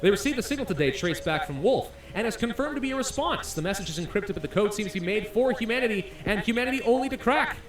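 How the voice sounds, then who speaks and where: A man playing a game on video, excitedly reading its story text aloud and reacting with laughs. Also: sits high, quick pace, few pauses, echoey room, distant mic. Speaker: gaming YouTuber.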